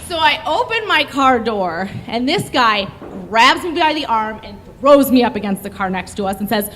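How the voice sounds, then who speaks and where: A young woman tells a story on a stage, her voice high and bright, with a brash, profane, animated delivery. The sound carries a long hall reverb, with a faint hum of noise behind it. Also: moderate pace, hardly any pauses.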